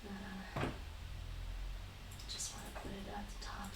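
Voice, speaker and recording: A woman's voice: medium pitch, completely flat delivery, slow. Woman coaching taekwondo from across a room. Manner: patient, repeats instructions, counts reps aloud. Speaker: taekwondo instructor and streamer. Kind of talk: live-streamed home exercise lesson. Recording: roomy echo, distant mic, faint noise.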